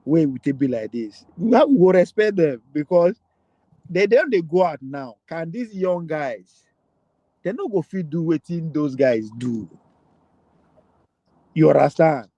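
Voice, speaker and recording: A Nigerian man with a high, lively voice talks politics in a loose, animated way, swinging his pitch widely as he argues his point. The sound is dry and close, with no room around it. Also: measured pace, long pauses, no echo, muffled recording. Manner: animated, laughing, argumentative. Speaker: political talk show host. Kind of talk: casual political chat in Pidgin and English.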